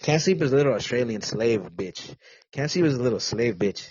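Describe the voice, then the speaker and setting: A man's voice: medium pitch, lively intonation, a little fast, darkish tone, slightly rough, dry recording, highs cut off. A man hosting a podcast, rambling crudely and teasing with lots of restarts. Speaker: podcast host. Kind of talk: casual rambling podcast rant.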